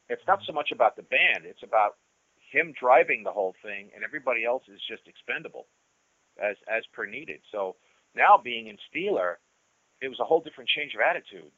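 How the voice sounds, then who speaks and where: Bright, dry-sounding man telling rambling stories. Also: medium pitch, slightly rough, no room sound, dull audio. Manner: rambling, many restarts and "you know". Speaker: guest musician. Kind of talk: casual storytelling interview.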